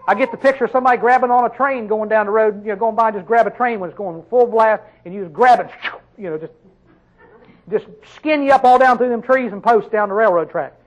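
High-voiced male preacher with emphatic bursts. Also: rough recording. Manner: questions the listeners often, with sudden loud emphatic bursts; reads scripture slowly and drawn out. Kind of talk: sermon.

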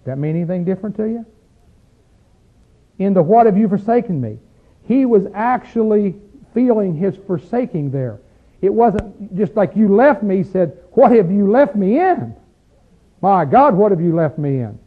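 A man's voice: high-pitched, big pitch swings, normal speed. A man leading an interactive Bible study, teaching emphatically and asking the group questions as he goes. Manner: emphatic, questions the group, rises when stressing points. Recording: tinny phone-like recording.

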